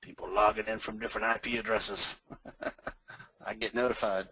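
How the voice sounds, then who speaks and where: A man with a North Texas accent giving a casual, rambling screen-share demo of software as a webinar presenter. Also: lowish voice, little pitch movement, normal speed, husky, no echo, poor audio. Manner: folksy, rambling, chuckles often.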